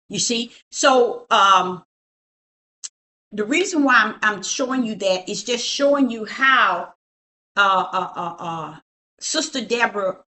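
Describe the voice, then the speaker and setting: A woman's voice: mid-range voice, lively intonation, slow pace, pushed and bright. A middle-aged woman, a prophetess, talking emphatically and preachily as she shows things around her home, often asking "you see?". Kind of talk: casual show-and-tell at home.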